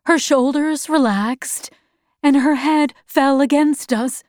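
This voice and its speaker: A woman narrating a story in the first person, measured and plain. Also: high voice, darkish tone, no echo, studio quality.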